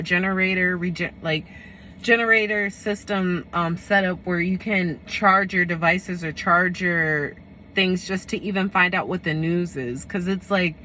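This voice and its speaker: A woman doing a casual tarot reading at home, with a bright, forceful voice that sits on the lower side. She wanders through her thoughts, full of fillers and restarts, over a faint hiss from the room. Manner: rambling, full of fillers and self-corrections. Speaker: tarot reader.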